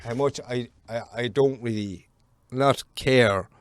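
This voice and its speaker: A man's voice: medium pitch, slow pace, no echo. A man, a podcast guest telling rambling, sweary stories in casual chat.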